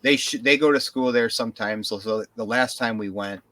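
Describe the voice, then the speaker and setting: Bright-toned male podcast co-host, casual, rambling and profane. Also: mid-range voice, a little fast. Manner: rambling, animated storytelling with profanity. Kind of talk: casual chat.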